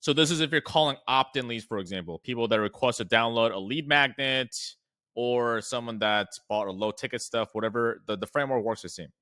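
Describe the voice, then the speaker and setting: A man's voice: medium pitch, fairly quick, bright, forceful tone. A man talks through a phone sales script in a loose, chatty teaching voice, slipping in plenty of "like" and "right". He acts out the sample lines as he goes. The sound is dry and close, with no room echo. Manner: filler-heavy, says like and right often. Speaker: sales trainer. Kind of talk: casual instructional walkthrough.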